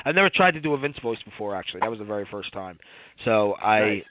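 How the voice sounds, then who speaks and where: A man's voice: fairly low pitch, big pitch swings, fast talker. A man co-hosting a comedy podcast, chatting casually in a jokey, rambling way and laughing often. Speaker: podcast co-host. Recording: tinny phone-like line.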